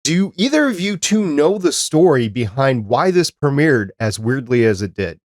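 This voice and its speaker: A man hosts a podcast chat in a relaxed, rambling way, at a middling pitch. His voice sounds close and dry, with no room sound around it. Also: moderate pace, dry recording. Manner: easygoing, rambling, chatty. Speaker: podcast host.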